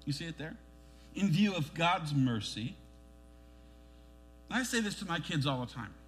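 Animated preaching man, high lively voice. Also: measured pace. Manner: animated preaching, rising emphasis, acts out quoted voices. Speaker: pastor. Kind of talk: sermon.

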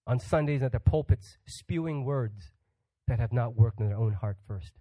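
A man's voice: mid-range voice, normal speed, dry recording, dull audio. A man preaching a sermon as a guest pastor, joking with the congregation and putting questions to them. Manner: humorous, acts out quoted voices; asks the audience questions.

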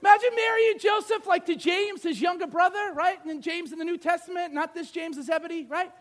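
Very high-voiced animated male preacher. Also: fast. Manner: animated, swings from shouts to hushed asides. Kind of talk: sermon.

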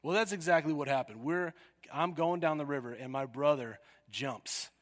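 A man's voice: on the high side, moderate pace. Man preaching in an echoing hall. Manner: storytelling with sudden loud cries. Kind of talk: sermon.

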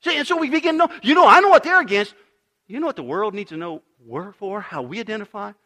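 A middle-aged pastor preaching a sermon, emphatic, dropping to a hush and then rising loud again. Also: male voice, sits high, animated, quick pace. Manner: emphatic preaching, swinging between loud and hushed.

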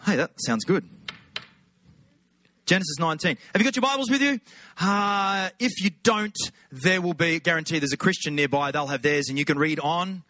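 A man's voice: on the high side, lively intonation, moderate pace, sharp tone, no room sound. A middle-aged Australian man giving a chatty, humorous sermon as a guest preacher. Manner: humorous, conversational, chatty asides.

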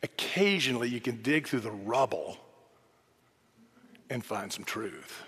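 A man's voice: mid-range voice, expressive, unhurried, slightly rough. Man preaching in a reverberant hall. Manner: conversational preaching with shifts between soft asides and emphatic quotes. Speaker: pastor. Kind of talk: sermon.

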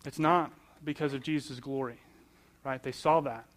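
A man's voice: mid-range voice, fairly even intonation, moderate pace. A man preaching a sermon in a conversational way, asking questions and answering them, repeating phrases for emphasis. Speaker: pastor.

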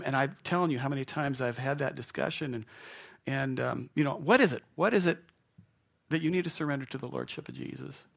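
Gravelly-voiced man preaching a sermon. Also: mid-range voice, very animated, fairly quick. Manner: conversational and playful, acting out doubting voices. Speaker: pastor. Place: church sanctuary.

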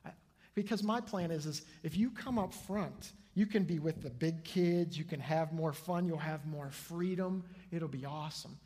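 A male pastor preaching a sermon to his congregation, telling stories with lively energy and acting out the people in them. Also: fairly high pitch, normal speed. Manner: lively storytelling, acts out the people in his anecdotes. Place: church sanctuary before a congregation. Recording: long hall reverb.

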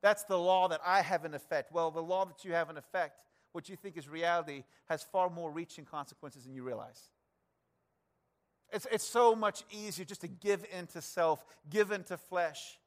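A pastor delivers a sermon in an earnest, conversational manner at a moderate pace. He often speaks directly to the congregation, moving between quiet, low stretches and moments of raised emphasis.

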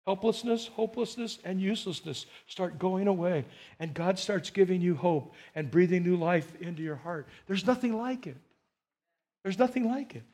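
A male pastor preaching a sermon to his congregation, animated, repeating phrases and coaxing the people to answer back. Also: sits high. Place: church.

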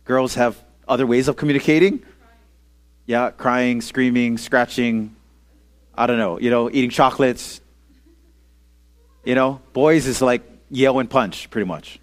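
Casual pastor talking with a youth group. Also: male voice, medium pitch, measured pace, long pauses. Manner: conversational, checks in with "okay?" and "amen?"; leads call-and-response with a young audience. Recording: audio-only sermon recording.

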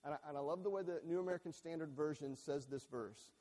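A male pastor delivers a sermon in a fairly high voice that rings out with a long reverb, as in a large sanctuary. He is earnest and emphatic. He repeats his key phrases, doubles words and restarts them as he presses his point. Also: fast, dark tone. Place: church sanctuary with a screen behind him.

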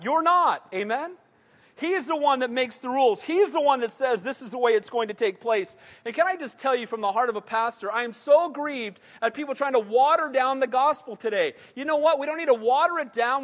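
A male pastor with a notably high voice delivers an emphatic sermon, punctuating points with call-outs to the congregation. His voice rings out with a long reverb from a large church hall. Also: a bit bright. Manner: emphatic preaching, frequent call-outs of "Amen?", acting out quoted voices.

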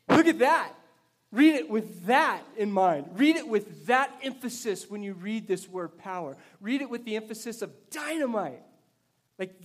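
A man preaching a sermon to his congregation with energy, swinging between loud, emphatic bursts and quiet intensity. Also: sits high. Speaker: pastor. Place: church service before a congregation.

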